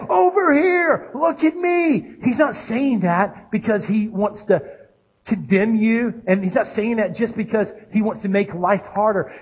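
A man, a pastor with children, preaching a sermon with animated swings between loud calls and hushed lows. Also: husky, muffled recording. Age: adult with children.

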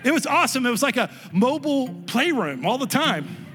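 A high-voiced male pastor tells a childhood story in a sermon, jumping into the voices of his family as he goes. His words ring out with a long reverb through a large hall, and soft guitar plays faintly underneath. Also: sing-song, fairly quick. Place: church sanctuary.

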